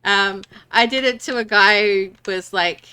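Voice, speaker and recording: Bright, crisp-voiced woman streamer. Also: medium pitch. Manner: rambling, halting with many fillers and restarts. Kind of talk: casual gameplay chat.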